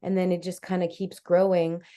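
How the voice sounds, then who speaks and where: A woman hosting a conversation in a low voice with a relaxed, mellow tone. She muses aloud and asks long, winding questions. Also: normal speed. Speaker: podcast host. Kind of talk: reflective interview talk.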